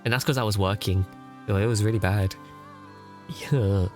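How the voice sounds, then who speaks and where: A man's voice: on the low side, moderate pace. A man chatting casually on a live gaming stream, rambling, swearing offhandedly and laughing often. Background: faint background music.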